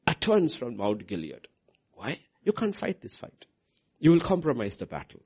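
Husky preacher with soaring swings. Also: male voice, fairly low pitch, wildly swooping pitch, normal speed. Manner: preaching with big swings between soft and shouted lines. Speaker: pastor. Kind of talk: sermon.

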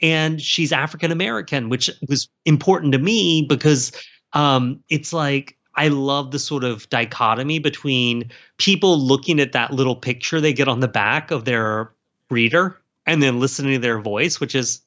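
A man chats as a guest in a casual interview, rambling and animated, piling up fillers and restarts. His voice sits at an ordinary middle pitch. The sound is a little dull and lo-fi. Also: normal speed. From South Carolina. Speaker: author guest.

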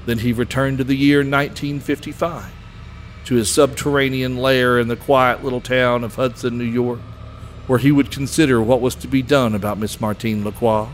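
Male narrator, mid-pitched voice, steady scripted storytelling, faint hiss. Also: moderate pace.

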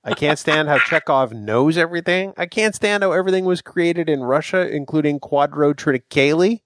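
A man's voice: a little high, moderate pace, a bit bright, dry recording. A man co-hosting a casual fan podcast, giving blunt opinions with dry humor. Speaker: podcast co-host.

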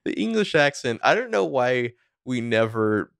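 A man's voice: mid-range voice, sing-song, normal speed, creaky, fairly bright tone, no echo, clean studio sound. A man co-hosting a podcast in laid-back casual chat. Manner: laid-back, laughing along. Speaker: podcast co-host.

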